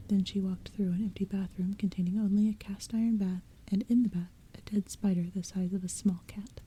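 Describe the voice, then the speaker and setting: A woman reading a storybook aloud as whispered role-play, in a soft, hushed, mostly unvoiced whisper, with faint rain behind her. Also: mid-range voice, steady tone, brisk, breathy edge. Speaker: ASMR audiobook reader. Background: soft rain and thunder.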